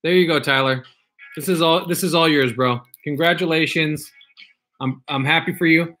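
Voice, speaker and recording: A man's voice: a little high, steady tone, normal speed, sharp tone, faint music behind. A man hosting a casual livestream, chatting loosely, reading viewer comments aloud and repeating himself. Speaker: livestream host opening card packs.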